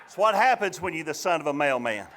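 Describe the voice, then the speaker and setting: A man from the Chattanooga area with a Southern American accent, telling a childhood story in an animated, folksy stand-up style on a live comedy stage. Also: on the high side, fast talker, slight background noise.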